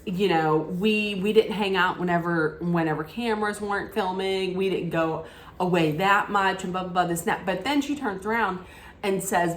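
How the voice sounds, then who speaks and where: A woman's voice: on the low side, normal speed. Opinionated woman ranting in an echoey room. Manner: opinionated, frequent restarts and asides. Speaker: reality TV recap vlogger. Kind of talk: casual recap rant.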